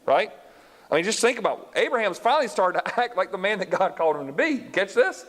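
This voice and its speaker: A man teaching a live Bible lesson in an animated way, quizzing his audience and reading scripture aloud. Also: high-pitched, fast. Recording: long hall reverb.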